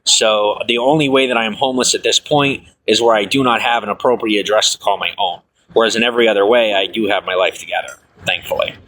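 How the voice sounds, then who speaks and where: A man in his thirties telling his life story casually to a livestream audience, rambling with fillers and self-corrections, laughing things off and jumping up in pitch when excited. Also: quick pace, hardly any pauses, a little hiss or hum.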